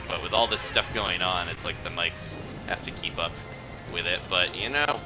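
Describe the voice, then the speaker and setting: Deep-voiced chatty man streaming games. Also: normal speed, music in the background. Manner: rambling, chatty, laughs often. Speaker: gaming streamer host. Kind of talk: casual live-stream chat over gameplay.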